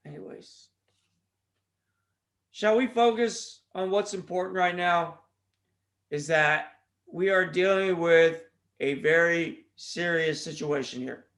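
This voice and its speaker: Brief: male podcast host, high voice, loose rambling monologue full of jokes and tangents. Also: fairly bright tone. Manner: jokey, goes off on tangents, plugs the show.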